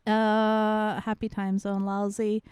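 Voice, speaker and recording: A woman's voice: medium pitch, monotone, slow pace, darkish tone, smooth, no room sound, clean studio sound. A woman streamer in casual chat, greeting viewers one by one in a bubbly, playful way.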